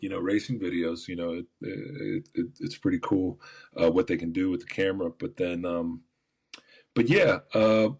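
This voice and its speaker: A man, a former football player, telling stories as a podcast guest in a relaxed, rambling way. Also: sits low, slightly rough. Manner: relaxed, rambling, many fillers and restarts. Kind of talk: casual storytelling.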